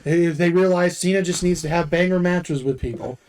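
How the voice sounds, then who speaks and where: A man's voice: high-pitched, normal speed, darkish tone, slight background noise, poor audio. A man co-hosting a wrestling podcast, recapping events in casual chat and stumbling over his words now and then. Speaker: podcast co-host.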